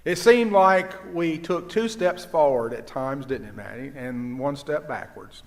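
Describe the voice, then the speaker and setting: An older man, a pastor preaching a sermon and telling stories, dropping his voice low for quoted dialogue. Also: animated, unhurried. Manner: storytelling, with hushed quoted dialogue. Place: church sanctuary. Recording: long church reverb.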